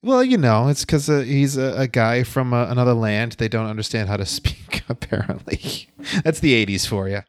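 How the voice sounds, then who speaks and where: A man's voice: medium pitch, expressive, moderate pace, smooth, no room sound. Laughing, rambling man in casual chat. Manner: chatty, laughs often, many fillers and restarts. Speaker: podcast co-host.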